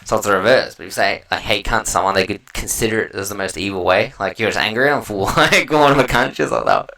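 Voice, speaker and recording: Australian man, gravelly low voice, forceful, swearing, rambling solo podcast rant. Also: fast, rough recording. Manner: heavy swearing, loose slangy banter. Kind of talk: casual rambling monologue.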